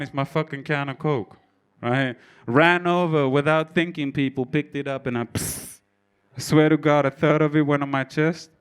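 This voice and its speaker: A man's voice: on the high side, fairly bright tone, clean tone. A man doing a stand-up comedy set, telling a story in a brash, profane way and bantering with the crowd. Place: comedy club stage before a live audience.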